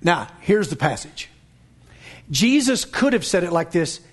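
Brief: high-pitched male pastor, emphatic and scornful sermon delivery, bursts into shouts. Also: big pitch swings, unhurried, slightly rough.

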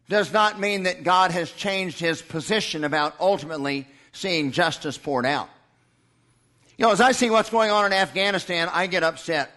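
A man preaching with fiery indignation, stacking up repeated refrains. His voice sits high and rings bright and forceful. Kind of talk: sermon.

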